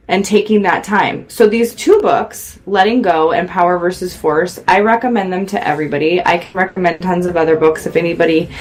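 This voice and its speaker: Earnest woman host talking about love. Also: lowish voice. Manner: earnest, reflective, speaks louder when worked up. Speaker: radio show host. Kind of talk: motivational talk to viewers.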